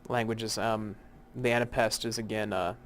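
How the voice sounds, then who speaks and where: Low-voiced man giving a rambling lecture. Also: steady tone, fairly bright tone, slight background noise. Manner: unscripted, many fillers and restarts, slows to spell out terms. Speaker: literature instructor. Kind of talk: recorded lecture.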